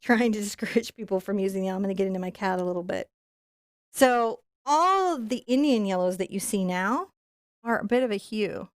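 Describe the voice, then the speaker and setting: A woman teaching a live painting tutorial in a soft, soothing voice as she paints. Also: medium pitch, animated, fairly quick, clean tone, dry recording, clean studio sound. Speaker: painting instructor.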